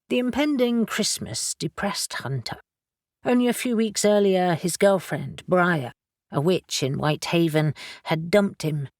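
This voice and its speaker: A woman narrating an urban fantasy audiobook in a steady, measured way on a close studio mic. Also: on the low side, no room sound. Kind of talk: scripted narration.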